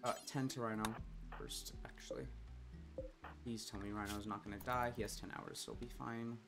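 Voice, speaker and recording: A man's voice: fairly low pitch, flat delivery, normal speed. Man, game streamer, casual commentary, exasperated, faint music behind. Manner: chatty, exasperated, swears then apologizes.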